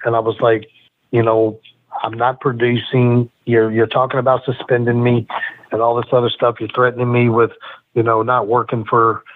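A man's voice: medium pitch, level tone, moderate pace, dry recording, phone-quality sound. A man guesting on a wrestling podcast, telling profane, heated stories and acting out the arguments he quotes. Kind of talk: casual storytelling interview.

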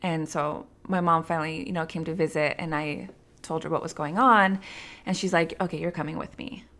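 A woman sits across from an interviewer and tells her own story in a candid, conversational way. Her voice sits low and carries a gravelly fry. She fills her sentences with "like" and "you know.". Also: fairly even intonation, moderate pace, a bit bright. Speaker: interview guest.

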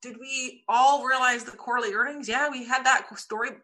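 A woman guest in a casual interview, telling lively stories and acting out what people said. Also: high-pitched, normal speed. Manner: lively storyteller, acts out quotes. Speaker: podcast guest.

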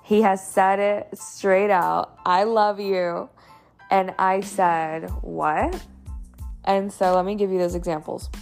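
A woman's voice: mid-range voice, fairly even intonation, slow, creaky, a little mellow, soft background music. A young woman telling a dating story in a chatty, casual way, full of "you know" and "like".

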